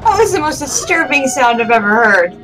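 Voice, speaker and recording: A woman's voice: high-pitched, big pitch swings, brisk, background noise. A woman playing a character in a tabletop role-playing game, eager and laughing often. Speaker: player. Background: music.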